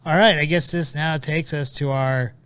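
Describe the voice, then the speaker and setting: A man's voice: fairly high pitch, steady tone, moderate pace, a bit bright. A man co-hosting a casual chat show, easygoing, moving the talk from one segment to the next. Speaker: podcast co-host.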